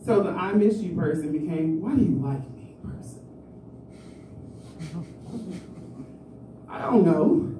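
Guy doing open mic standup, slow and rambly, laughs at his own bits, echoey club mic from a distance, bit of hiss. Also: fairly high pitch, warm tone. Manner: rambling, self-mocking, laughs at own jokes. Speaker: stand-up comedian. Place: small comedy club stage. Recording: roomy club sound from far off, faint noise.

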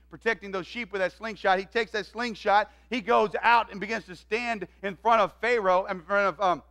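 A man preaching a sermon, retelling a story in an animated way and acting out its voices. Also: high-pitched. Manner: animated, acts out quoted voices. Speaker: pastor. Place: church.

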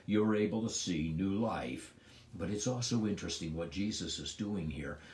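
A middle-aged man giving a devotional Bible teaching as a pastor, moving between emphatic lines and hushed ones. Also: lowish voice, reverberant. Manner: expressive, swings from emphatic to hushed.

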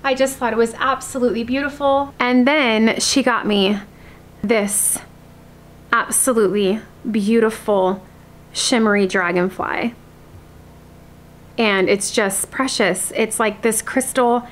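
A woman in her thirties chatting casually to her viewers from her home, friendly and talkative, sometimes cooing at her cat in a high voice. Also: fairly even intonation, slow. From Alaska. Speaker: homestead vlogger. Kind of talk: casual vlog chat to viewers. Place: at home indoors.

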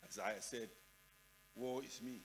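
Older Nigerian-accented pastor preaching in a hall. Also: male voice, medium pitch, fairly even intonation, unhurried, a little hiss or hum. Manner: emphatic, repeats phrases, swings from loud to soft. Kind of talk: sermon. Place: large conference hall. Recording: long hall reverb.

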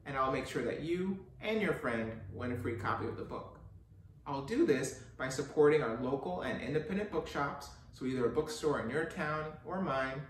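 A man's voice: mid-range voice, animated, moderate pace. A man hosting a craft video from his garage art studio, upbeat and encouraging. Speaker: host, children's book author and illustrator. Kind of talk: friendly craft-video host talk. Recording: echoey room, mic at a distance, faint noise.

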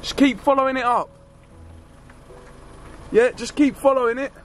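A young man filming an acted vlog skit, shouting pleas and orders at a prankster, then calmly talking to his viewers. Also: extremely high pitch, normal speed, soft background music. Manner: shouting pleas and commands, then calm to-camera wrap-up. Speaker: vlogger. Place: outdoors and in a car at night.

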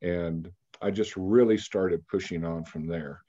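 A man in his sixties with a low, mellow voice tells a story as an interview guest. He is from Kansas and speaks in a measured, anecdotal way, pausing on fillers as he goes. The audio is dull and lo-fi. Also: steady tone. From Kansas, United States. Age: 60s.

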